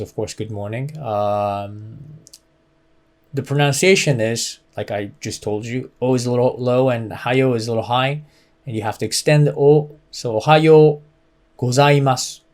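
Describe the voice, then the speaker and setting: A man's voice: mid-range voice, normal speed. A man teaching a beginner language lesson, explaining patiently with many fillers and modeling phrases for the listener to repeat.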